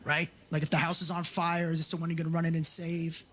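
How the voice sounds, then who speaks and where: A man doing a stand-up comedy set, brash and profane, mocking and shouting for punchlines. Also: a little high, completely flat delivery, fast. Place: comedy club stage with a laughing audience. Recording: live club recording with audible crowd ambience.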